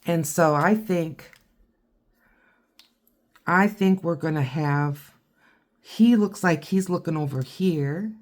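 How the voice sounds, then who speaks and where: Low-pitched lady doing an art tutorial, slow and chatty, kinda thinking out loud. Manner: chatty, thinking aloud while painting. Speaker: art teacher. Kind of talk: watercolor tutorial.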